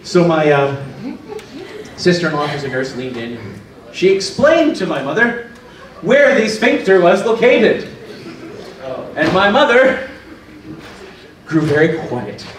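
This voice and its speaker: A man's voice: a little high, sing-song, takes it slowly, long pauses, a little hiss or hum. A man doing stand-up comedy, telling family stories and laughing at his own jokes in front of a live crowd. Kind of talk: stand-up storytelling. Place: small comedy stage with live audience. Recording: echoey stage from a distance with crowd.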